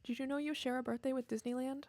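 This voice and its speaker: A woman's voice: high-pitched, fairly even intonation, fast, noisy background. A tired young woman streaming from home, chatting casually into a desk mic in a rambling, self-deprecating way. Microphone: desk microphone.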